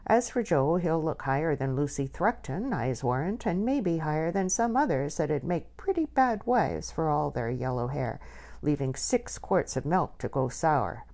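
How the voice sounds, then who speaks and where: A woman's voice: low-pitched, lively intonation, measured pace, darkish tone. A woman voicing a blunt, motherly older countrywoman who scolds in broad country dialect. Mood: scolding.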